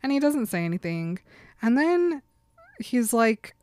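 A woman's voice: a little high, big pitch swings, measured pace, darkish tone, clear, resonant tone, no echo. A woman on a podcast, casually retelling a book chapter with dry mock quotes. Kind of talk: casual chat, comic book recap.

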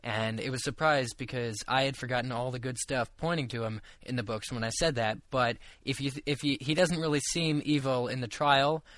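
A man's voice: mid-range voice, steady tone, fairly quick, few pauses, a bit bright, no room sound. A young man co-hosting a casual group podcast chat, rambling with lots of fillers and restarts. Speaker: podcast co-host.

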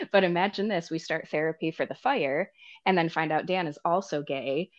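A woman talking as a podcast guest, telling personal stories in an animated, casual way and laughing often. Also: fairly low pitch, normal speed, lo-fi sound. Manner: animated, laughs often, acts out quoted people. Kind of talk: casual storytelling chat.

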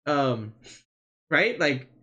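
A man's voice: a little high, sing-song, very slow, bright, forceful tone, highs cut off. A man co-hosting a podcast, chatting casually about wrestling in a rambling, hesitant way with lots of fillers. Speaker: podcast co-host. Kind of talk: casual wrestling recap chat.

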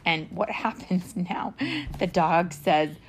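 A woman reading a picture book aloud to a child, playful and animated, stopping often to ask questions about the pictures. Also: lowish voice, slow, over loud music. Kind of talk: storybook read-aloud with questions.

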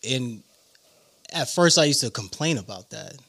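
A man from New York with a New York accent, a guest telling his life story in an animated way. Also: mid-range voice, normal speed, vocal fry, slightly rough. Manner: animated storyteller, acts out quotes. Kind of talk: casual interview storytelling.

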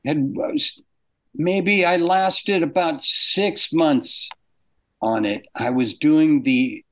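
An older man telling anecdotes in a casual interview, acting out quoted exchanges with animated shifts in pitch. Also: very slow. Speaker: guest animator.

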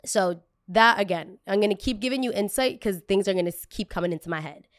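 A woman's voice: mid-range voice, quick pace, no echo, studio quality. A young woman from a Colombian family in the United States, telling stories about her childhood on a casual podcast, full of "like" fillers and blunt swearing. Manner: chatty, frequent "like" fillers, swears freely. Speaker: podcast host. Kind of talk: casual storytelling.

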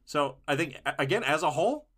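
A man's voice: a little high, lively intonation, fast, fairly bright tone. Upbeat, laughing male podcast co-host. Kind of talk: casual chat.

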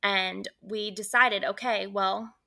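A woman's voice: mid-range voice, steady tone, slow pace, creaky, pushed and bright. A young adult woman, a guest, gushing through a casual story with lots of "like" and "oh my gosh".

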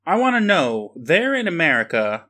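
A man's voice: a little high, big pitch swings, normal speed, bright, forceful tone. A man hosting a casual podcast, opening the show and teasing his co-host with dry humor. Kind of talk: casual chat.

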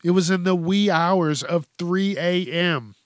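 A man's voice: sits high, no echo, studio quality. A man hosting a podcast, telling a news story in a casual, profane way and often laughing. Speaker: podcast host.

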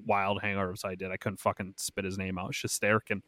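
A man's voice: low-pitched, completely flat delivery, fast, fairly bright tone, no room sound, studio quality. A man co-hosting a casual hockey podcast, joking and swearing as he makes his draft picks. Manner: joking, swears, mangles names on purpose. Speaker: podcast co-host.

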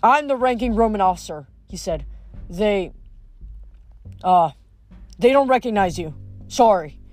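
A reader voicing a wounded young male Roman officer who shouts orders to his troops. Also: animated, a little slow, no room sound. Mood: strained, apologetic. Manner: barked Latin commands, raised pitch.

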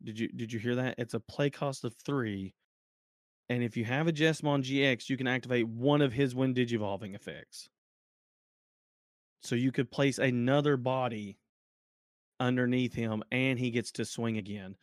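A man co-hosting a casual card game podcast, talking excitedly and laughing often, with sudden jumps up in pitch. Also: normal speed, no room sound, clean studio sound.

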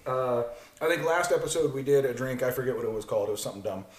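A man's voice: medium pitch, fairly even intonation, racing. A man co-hosting a podcast in casual chat, joking and laughing often. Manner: jokey, laughs often, does silly voices. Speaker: podcast co-host. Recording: echoey room.

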